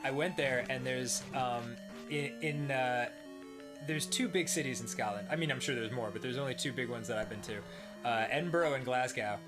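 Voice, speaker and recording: A man's voice: medium pitch, moderate pace, over music. A man co-hosting a casual chat, telling stories with lots of laughter and voices. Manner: laughing, animated storytelling with impressions. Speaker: co-host.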